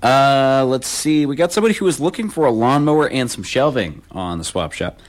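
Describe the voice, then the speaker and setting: A man with a mid-range voice hosts a local call-in radio swap show from the studio, speaking animatedly and fairly quickly. He reads the listings and phone numbers in a loose, casual way, repeating the numbers and dropping slangy asides.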